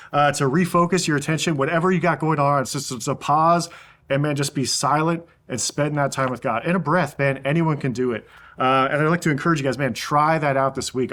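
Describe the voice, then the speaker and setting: Casual young youth pastor, fairly high voice. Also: male voice, a bit bright. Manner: casual, peppered with "man". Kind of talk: youth sermon.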